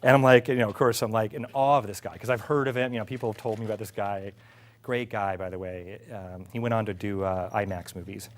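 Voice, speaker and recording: A middle-aged man, an executive, telling a casual story about his career. He is lively, laughs often and acts out what others said. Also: fairly low pitch, fast talker, a little hiss or hum. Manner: animated, laughing, acts out quotes. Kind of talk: casual anecdote.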